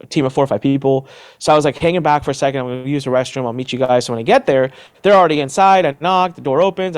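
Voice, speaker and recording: A middle-aged man telling a personal story on a podcast. He talks with energy and slips into the voices of the people he describes. His pitch sits in the middle for a man. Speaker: interview guest, entrepreneur.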